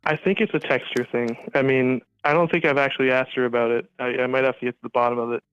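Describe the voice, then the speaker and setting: A man's voice: medium pitch, steady tone, quick pace, smooth, no echo, faint music behind. Friendly male caller, muffled line. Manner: friendly, hesitant, lots of fillers. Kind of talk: casual phone chat.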